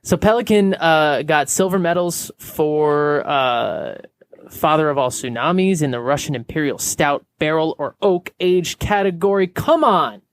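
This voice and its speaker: A man's voice: a little high, lively intonation, measured pace, dry recording. A man co-hosting a podcast, chatting casually and jokingly with many fillers. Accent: American. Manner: jokey, hesitant with many fillers. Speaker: podcast co-host. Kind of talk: casual chat.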